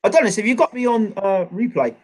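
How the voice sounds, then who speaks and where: A man hosting a casual sports livestream, eager and rambling as he gives shout-outs. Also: high voice, expressive, fast. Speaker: livestream host.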